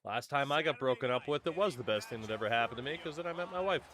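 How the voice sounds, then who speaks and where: A man's voice: mid-range voice, expressive, fast talker, fairly bright tone, faint music behind. A man streaming a sports video game, chatting casually with his viewers and joking around, often laughing. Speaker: gaming streamer. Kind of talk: casual live-stream commentary.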